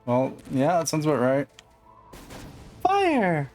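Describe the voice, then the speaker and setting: A man's voice: mid-range voice, moderate pace, faint music behind. A man chatting casually while playing a co-op game, rambling and laughing often. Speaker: co-op game streamer. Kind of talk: casual gaming chat.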